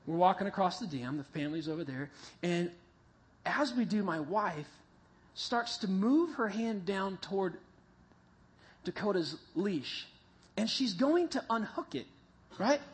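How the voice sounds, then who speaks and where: A man preaching to a group, telling a vivid, animated story that builds toward a Bible lesson. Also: sits high, a little slow, pauses often, husky. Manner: animated storyteller, acts out voices and sounds. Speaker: youth pastor. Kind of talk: sermon with a told story. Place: meeting room with a live group.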